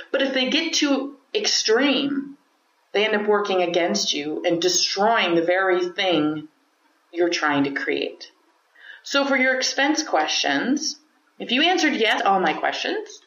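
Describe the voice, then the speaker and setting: A woman hosting a solo podcast, explaining her points with animated energy and playful asides. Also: mid-range voice. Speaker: podcast host. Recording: roomy, slightly dull recording.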